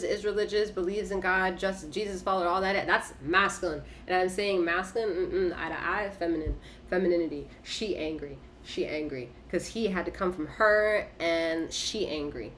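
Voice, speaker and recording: A woman's voice: on the low side, fairly quick, hardly any pauses, a bit bright, a little hiss or hum. Emphatic, profane woman tarot reader. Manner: emphatic, repetitive, profane, punctuated by laughter. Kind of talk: casual spoken tarot reading.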